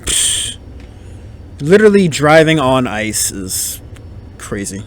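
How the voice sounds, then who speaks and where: Lively, unhurried man joking through a film. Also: mid-range voice, slight background noise. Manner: chatty, laughs often, joking asides. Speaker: podcast host. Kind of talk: casual movie commentary.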